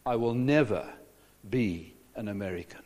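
A man's voice: lowish voice, lively intonation, moderate pace, darkish tone, long reverb tail. A South African man preaching a sermon as a pastor, asking rhetorical questions and often repeating his words.

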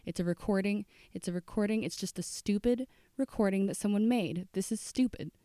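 A woman voicing a frightened young girl who talks herself out of her fear, loud and anxious. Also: mid-range voice, fairly quick, no room sound, clean studio sound, pitched above the performer's own voice, close to an everyday voice. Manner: nervous, anxious self-reassurance.

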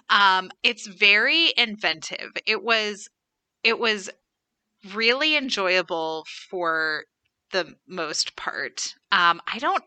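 A woman's voice: mid-range voice, pushed and bright, no room sound. A woman co-hosting a podcast, chatting casually with lots of "like" fillers. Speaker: podcast co-host. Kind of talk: casual chat.

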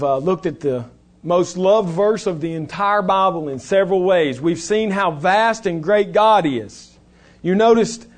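High-voiced earnest preacher. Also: male voice. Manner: earnest, exhorting, builds to a rising list of titles. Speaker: pastor. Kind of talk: sermon.

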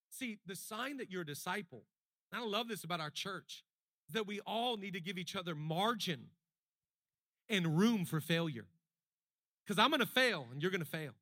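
Bright-voiced male pastor preaching. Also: sits high, no echo, studio quality. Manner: conversational preaching that builds to emphatic repetition. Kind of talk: sermon.

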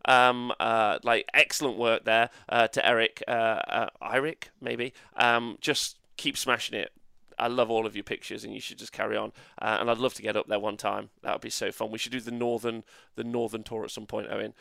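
A man's voice: fairly low pitch, level tone, normal speed, creaky, bright, forceful tone, smooth, no echo. Brief: man co-hosting a gaming podcast, chatty, filler-heavy, dry close sound. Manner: chatty, filler-heavy, reads chat comments aloud. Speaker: podcast co-host. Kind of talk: casual chat.

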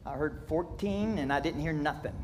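A man's voice: a little high, normal speed, background noise. A man from Kentucky, preaching a sermon in a folksy, jokey storytelling way, acting out sound effects. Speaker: pastor.

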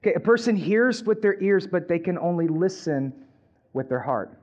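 A man's voice: sits high, animated, moderate pace, a little mellow, lo-fi sound. A male pastor preaching a sermon in a casual, conversational way, repeating and restarting phrases.

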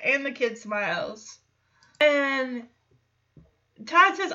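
Animated woman recapping a show, lo-fi. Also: sits high. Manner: animated, acts out characters in quick asides, laughs often. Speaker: recap commentator. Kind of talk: casual episode recap. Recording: lo-fi muffled audio.

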